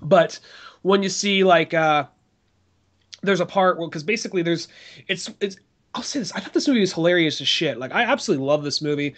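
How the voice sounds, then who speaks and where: Profane, excitable man talking movies. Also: on the high side, fairly quick. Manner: loose, profane, animated retelling of scenes. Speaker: podcast co-host. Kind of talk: casual movie chat.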